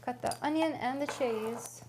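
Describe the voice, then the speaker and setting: A woman's voice: high-pitched, a little slow, background noise. A young woman livestreaming from a home kitchen, casually chatting and thinking aloud as she reads a recipe to her viewers. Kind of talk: casual cooking stream chat.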